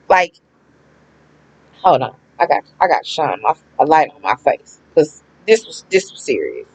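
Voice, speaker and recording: A woman telling a personal story to the camera in a casual, animated way, acting out what others said and repeating words for emphasis. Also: on the low side, measured pace, low-quality recording. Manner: animated, acts out quoted people, emphatic repetition; slangy, conversational. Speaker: vlogger.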